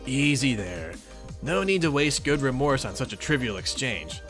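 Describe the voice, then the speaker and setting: A chatty, clever troll lady who knows more than she lets on, voiced by a male reader. Every word is carefully enunciated, and her voice keeps a bright, animated bounce. Faint music runs underneath. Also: medium pitch, moderate pace. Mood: calm, knowing. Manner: precise, properly enunciated, upbeat. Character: chatty, sweet, know-it-all female troll ancestor. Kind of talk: reading a webcomic aloud in voices.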